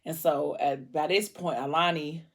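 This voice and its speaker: A woman's voice: low-pitched, fairly even intonation, moderate pace. A woman vlogger casually retelling a book plot between bites and acting out the dialogue. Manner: conversational, with fillers. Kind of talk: casual storytelling while eating.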